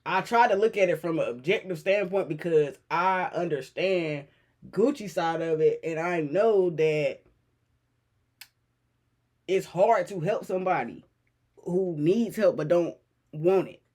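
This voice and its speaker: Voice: mid-range voice, lively intonation, measured pace, a little mellow. A reaction video host talking casually and cursing a lot, getting irritated and mimicking the people in the clip. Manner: profane, exasperated, repeats clip lines aloud; mocking impressions of people in the clip.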